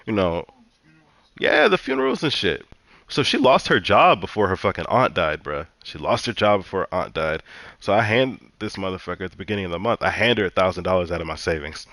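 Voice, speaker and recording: Low-voiced man venting, dry and close. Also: sing-song, brisk, a bit bright, no echo. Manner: profane, heated, repetitive storytelling. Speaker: vlogger telling a personal story. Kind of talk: casual venting monologue.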